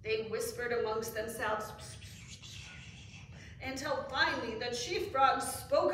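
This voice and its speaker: A woman librarian reading a picture book aloud to children in an expressive, animated way, asking them questions, in a library room. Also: a little high, slow pace, long pauses, slight background noise. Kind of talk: children's story time reading. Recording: echoey room, far from the mic.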